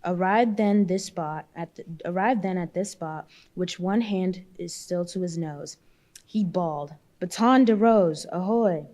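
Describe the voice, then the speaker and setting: A woman reads a classic novel aloud at a public marathon reading. Her voice is mellow and sits a little low, and she often stumbles and backs up to restart a phrase. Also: unhurried. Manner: reads with frequent slips and restarts. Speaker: volunteer reader.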